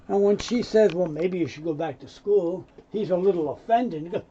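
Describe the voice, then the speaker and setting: A man's voice: high voice, moderate pace, few pauses, mellow, slightly rough. A man teaching English pronunciation, explaining dropped sounds and acting out example lines in an offended tone. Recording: dull lo-fi sound.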